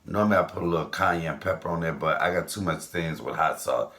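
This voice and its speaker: A man's voice: low-pitched, a little fast, a bit bright. A man in his fifties hosting a casual cooking vlog, chatting to viewers with rambling asides. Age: 50s. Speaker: cooking channel host.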